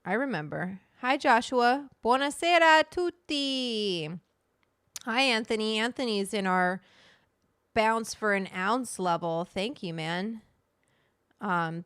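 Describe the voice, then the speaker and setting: A woman's voice: mid-range voice, a bit bright, smooth, no room sound, clean studio sound. A woman hosting a livestream, chatting casually, greeting viewers by name and swearing freely. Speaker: livestream host.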